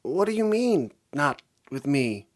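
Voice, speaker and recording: Bubbly, hyper young female bat pony, put on by a male narrator; high, loud, squealing storybook voice. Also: unhurried, breathy edge, exaggerated voice. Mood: sad. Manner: squealing, excitable, rambling.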